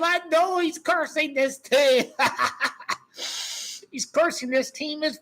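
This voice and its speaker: A man hosting a live watch-along of a football match, shouting and groaning at the play in a blunt, mocking way and repeating himself. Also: extremely high pitch, slow pace.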